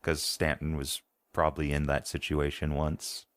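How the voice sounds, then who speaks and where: A man's voice: rumbling low, monotone, moderate pace, fairly bright tone, no room sound, clean studio sound. A man playing a tabletop game, laid-back and thinking aloud. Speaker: player. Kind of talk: casual tabletop game play.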